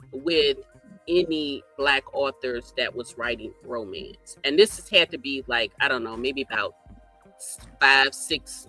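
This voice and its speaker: Man co-host, bright tone, reflective chatter, faint music behind. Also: medium pitch. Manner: reflective, lots of "you know" fillers. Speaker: podcast co-host. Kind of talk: casual chat.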